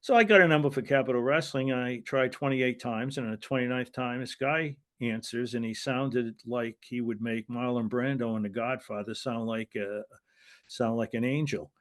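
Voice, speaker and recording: A man's voice: mid-range voice, normal speed. Older American man telling stories. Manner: rambling, acts out quoted voices, frequent restarts. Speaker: guest, retired wrestling referee. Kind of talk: anecdotal interview storytelling.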